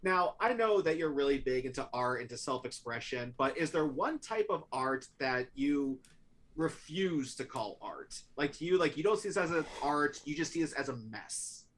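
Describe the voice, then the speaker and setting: A man's voice: a little high, animated, moderate pace, fairly bright tone. A man hosting a talk show, chatting casually with his guest, laughing easily and talking with many fillers. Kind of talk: casual chat.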